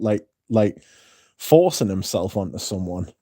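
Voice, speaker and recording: A man's voice: lowish voice, expressive, normal speed, warm tone, no room sound, studio quality. A man hosting a casual livestream, rambling, swearing freely and reading out chat, with a slightly sore throat. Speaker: livestream host.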